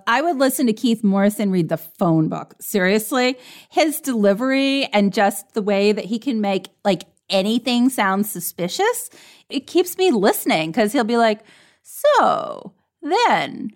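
A woman co-hosting a podcast review, talking enthusiastically and rambling with small giggles. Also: on the high side. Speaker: podcast co-host. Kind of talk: casual review chat.

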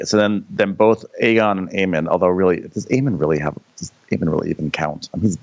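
A man's voice: low-pitched, fast, creaky. A man co-hosting a podcast, chatting casually and riffing with wry jokes about an episode. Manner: wry, riffs in joking impressions. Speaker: podcast co-host. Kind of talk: casual recap chat. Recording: dull lo-fi sound.

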